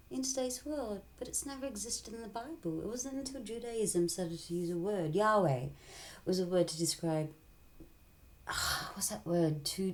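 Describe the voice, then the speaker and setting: A woman's voice: mid-range voice, warm tone. A woman in a rambling, tangential casual monologue, often dropping into whispered asides.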